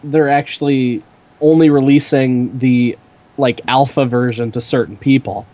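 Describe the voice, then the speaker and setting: A man's voice: medium pitch, fairly even intonation, unhurried, warm tone. A young man hosting a podcast, telling a rambling story in casual chat with lots of fillers. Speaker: podcast host.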